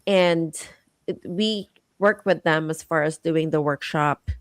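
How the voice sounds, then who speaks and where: A woman co-hosting a podcast, chatty and quick to laugh and tease. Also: low voice, dry recording. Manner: laughing, teasing, warm storytelling. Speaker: podcast co-host. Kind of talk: casual interview chat.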